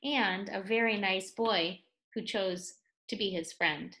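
A woman reading a children's picture book aloud, pausing to explain words and add playful asides. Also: medium pitch, noisy background. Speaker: read-aloud storyteller for children.

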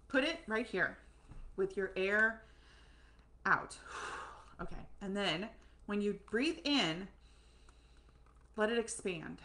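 A woman teaching an online course to camera, excited and talking fast, with animated asides as she demonstrates breathing. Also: mid-range voice. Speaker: course instructor.

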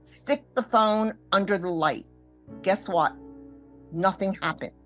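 Brief: older woman, mid-range voice, dramatic first-person storyteller who acts out quotes; soft music bed. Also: medium pitch, slow pace. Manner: vivid, acts out quoted voices, shifts between hushed and loud. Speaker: scam victim telling her story.

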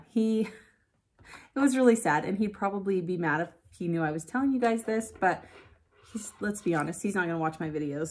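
A woman's voice: mid-range voice, darkish tone. Chatty woman vlogger doing her makeup. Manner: chatty, storytelling, laughs easily. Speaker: beauty vlogger. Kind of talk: casual chat while doing makeup.

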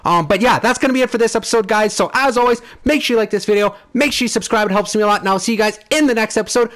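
A man hosting a let's play, commenting excitedly, shouting and swearing at enemies over game music. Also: high-pitched, racing. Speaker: gaming channel host.

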